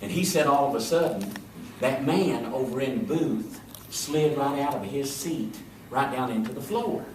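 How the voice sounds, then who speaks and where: A man playing an excitable, boastful small-town deputy with a Southern accent, rambling and fumbling for words in a live stage comedy monologue. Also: mid-range voice, normal speed, few pauses, a little hiss or hum, natural voice. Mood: folksy. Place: stage before an audience. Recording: echoey hall, from far off.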